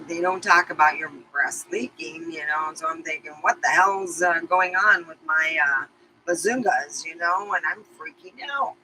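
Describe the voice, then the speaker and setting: A woman's voice: deep voice, pushed and bright, slight background noise, rough recording. A middle-aged woman talking candidly and emotionally to her viewers in a rambling confessional vlog, swearing casually. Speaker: vlogger.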